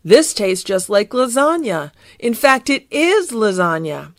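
Storybook: greedy, lazy tomcat with dry jokes, read by a woman, lowish gravelly voice. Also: normal speed, dry recording, natural voice. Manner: dry, wisecracking. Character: lazy, greedy, wisecracking male house cat. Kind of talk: storybook reading.

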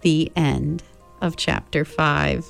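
A woman hosting a children's show, reading a chapter book aloud with expressive narration. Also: low voice, vocal fry, faint music behind. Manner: expressive, slow, animated narration.

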